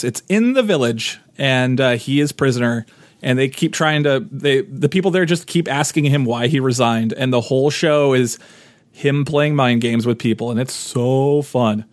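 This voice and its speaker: A man's voice: mid-range voice, no room sound. A man co-hosting a podcast in casual chat, rambling and enthusiastic, restarting his sentences often. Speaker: podcast co-host.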